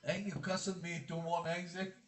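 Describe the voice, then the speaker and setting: Geordie man, football live-stream banter, laughing, high voice, echoey room. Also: level tone, normal speed. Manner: laughing banter, reading chat aloud. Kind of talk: casual live-stream chat.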